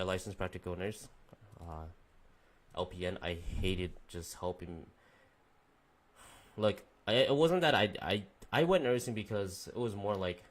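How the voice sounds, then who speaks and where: Young dude rambling to his chat, kinda low voice, swears a lot, just freestyling. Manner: rambling, loose and profane. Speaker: podcast streamer. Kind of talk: casual chat with live chat viewers.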